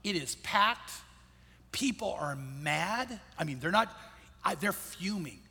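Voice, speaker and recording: A man's voice: high voice, animated, slow, gravelly, sharp tone, breathy edge. A man preaching a sermon in a conversational, storytelling way, repeating his key phrases. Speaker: pastor. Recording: long hall reverb.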